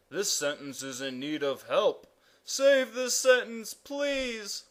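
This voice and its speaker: A man voicing a pompous, loud male king who proclaims grammar rules in an animated cartoon. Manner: booming proclamations.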